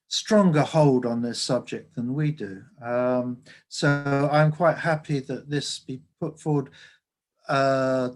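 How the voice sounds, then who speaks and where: A man chairing a formal committee meeting over a video call, polite and brisk. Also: medium pitch.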